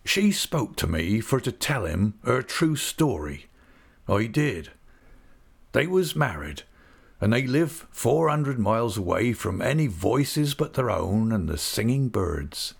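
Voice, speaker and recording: Man playing an old fisherman, gravelly, husky, gentle and sorrowful, slow homely storytelling, audiobook. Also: lowish voice, sing-song, heavily acted. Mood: plain. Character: weathered older male fisherman, gentle and sorrowful. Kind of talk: audiobook character reading.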